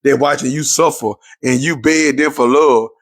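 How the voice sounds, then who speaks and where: In a mid-range voice at a moderate pace, a male relationship commentator gives viewers an emotional, sermon-like talk about relationships. He repeats his points for emphasis.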